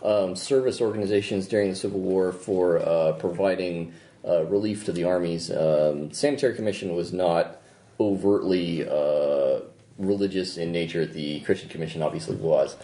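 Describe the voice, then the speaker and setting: A man narrating as game master, telling the story with lively delivery and hesitant asides. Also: deep voice, normal speed. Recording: echoey room, faint noise.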